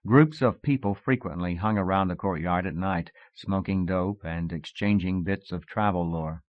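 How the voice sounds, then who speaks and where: A low-voiced man reads a literary story in a measured, reflective way. The sound is dry and close, but dull and lo-fi like an old cassette. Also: no room sound. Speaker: audiobook narrator. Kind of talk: scripted narration.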